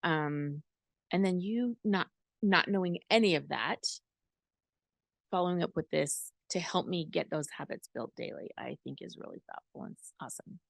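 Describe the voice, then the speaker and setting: A woman's voice: lowish voice, moderate pace, vocal fry, no room sound. A middle-aged woman hosting a podcast in casual chat, gushing and emotional as she talks with her son. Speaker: podcast host.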